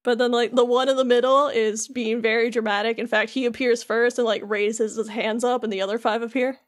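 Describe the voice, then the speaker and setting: A woman's voice: on the high side, steady tone, brisk. A woman co-hosting a podcast, animatedly retelling a video game scene in casual chat with many "like" fillers. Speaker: podcast co-host.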